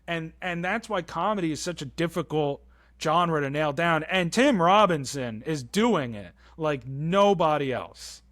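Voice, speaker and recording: A young man co-hosting a film podcast, excitedly swearing and acting out movie lines in casual chat. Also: on the high side, unhurried. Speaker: podcast co-host.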